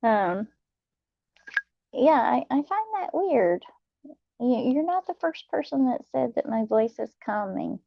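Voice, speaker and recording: A young adult woman, hosting a late-night live chat, talking softly and laughing often. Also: fairly high pitch, big pitch swings, creaky, no room sound, lo-fi sound. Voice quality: soft, slow, laughs often. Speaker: channel host reading live chat.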